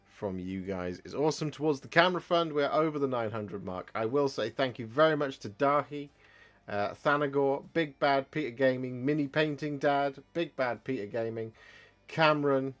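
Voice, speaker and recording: A man from the English Midlands with a Midlands accent, hosting a casual live stream in a chatty, rambling way and warmly thanking his viewers. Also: mid-range voice.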